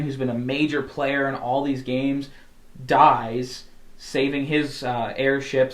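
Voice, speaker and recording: A man's voice: mid-range voice, roomy sound. A man co-hosting a podcast, talking in a casual, enthusiastic, rambling way with lots of restarts. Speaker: podcast co-host. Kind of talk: casual chat.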